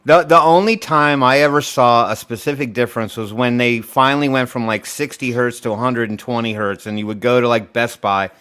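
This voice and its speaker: A man's voice: mid-range voice, fairly even intonation, a little fast, few pauses, a bit bright, smooth. A man co-hosting a casual podcast chat on a video call, rambling and wry, often trailing off mid-thought. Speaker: podcast co-host.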